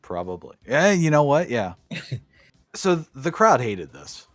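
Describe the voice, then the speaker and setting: A man's voice: medium pitch, sing-song, a little slow, a bit bright, no echo, soft background music. A man co-hosting a podcast, recapping wrestling matches in a casual, profane, enthusiastic play-by-play way. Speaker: podcast co-host.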